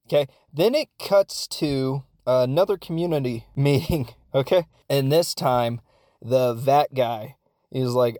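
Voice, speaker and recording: A man's voice: mid-range voice, unhurried, darkish tone. A man recapping a foreign film in a rambling, jokey way with lots of asides. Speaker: film reviewer.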